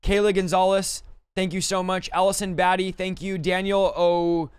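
A man hosting a livestream, quickly thanking donors and stumbling over names, a little out of breath. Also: sits high, little pitch movement, clear, resonant tone, no room sound. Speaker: livestream host.

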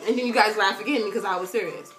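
A woman's voice: very fast, soft background music. Chatty teen girl vlogging from her bedroom. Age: teens. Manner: chatty, joking, dramatic swings in loudness and pitch. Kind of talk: casual Q&A vlog talk. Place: bedroom at home.

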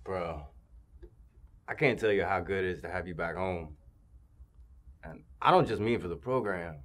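A man's voice: sits low, moderate pace, natural voice. An actor playing a cheerful young man who brags and jokes among friends. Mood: warm. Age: young adult. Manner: bragging, animated.

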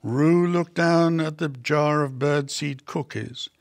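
A man reads a children's storybook aloud in a slow, unhurried way, his voice gravelly and a little higher than most men's. The sound is dry and close, with no room around it. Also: no room sound. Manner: slow, gentle read-aloud with small character voices. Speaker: storybook reader. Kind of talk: reading a children's picture book aloud.

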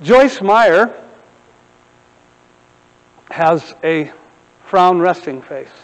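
A middle-aged man preaches in a church sanctuary, telling stories with humor and animated asides. His voice sits high, and long reverb from the hall trails his words. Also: drawn-out words. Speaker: pastor. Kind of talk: sermon.

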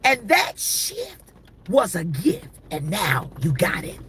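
A woman preacher delivering a fiery sermon, shouting and repeating phrases to the crowd. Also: lowish voice, wildly swooping pitch, slow, a little hiss or hum. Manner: shouting, repetitive, call-and-response.

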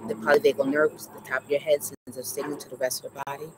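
A woman's voice: a bass voice, flat delivery, fast. A woman therapist hosting her show outdoors in her garden, telling her own trauma story in an earnest, emotional way. She stops to breathe and keeps checking in with "right?". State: anxious, heart racing while retelling. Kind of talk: personal trauma story mixed with teaching. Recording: outdoor recording with loud cricket noise. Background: crickets and insects.

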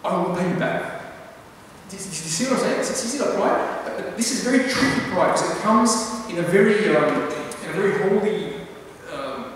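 A man's voice: high-pitched, animated, fairly quick, slight background noise. A man giving a conversational youth talk at church, who keeps asking his listeners whether they follow and often repeats words as he restarts a sentence. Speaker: youth meeting speaker. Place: church hall. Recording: very echoey hall, voice picked up from a distance.

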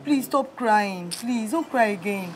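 A woman's voice: mid-range voice, lively intonation, a little slow, a little hiss or hum, close to an everyday voice. A woman playing a comforting friend. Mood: soothing. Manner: soothing, gentle. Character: consoling female friend.

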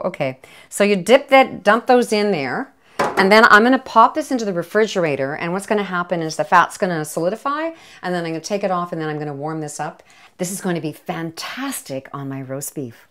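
A woman's voice: lowish voice, expressive, fast talker, fairly bright tone, a little hiss or hum. A woman hosting a comic cooking demonstration, talking to camera in a playful, chatty way with jokey asides and little cheers. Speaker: cooking show host, home economist.

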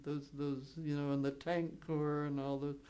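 A woman's voice: low voice, a little slow, clear, resonant tone. A woman in her nineties telling wartime stories in an oral history interview, chuckling often and wandering through restarts and fillers. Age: 90s. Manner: chuckles often while telling lively anecdotes; rambling with frequent restarts and fillers. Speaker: WWII veteran interviewee.

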